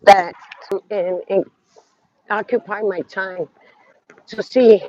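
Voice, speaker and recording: Congested high-voiced man on a phone live. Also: steady tone, takes it slowly, a little mellow, dull audio. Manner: rambling, talks to viewers, trails off. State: congested from sinus trouble. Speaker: live streamer. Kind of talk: casual rambling live stream. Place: outdoors walking a city street.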